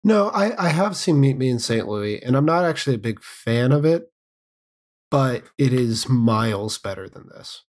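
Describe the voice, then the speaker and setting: A man's voice: mid-range voice, lively intonation, normal speed. A man co-hosting a podcast, giving blunt opinions in a casual film chat. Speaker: podcast co-host.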